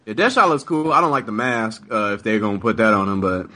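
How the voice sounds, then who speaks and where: A man in a casual film chat, animated and slangy, laughing often as he talks. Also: lowish voice, quick pace.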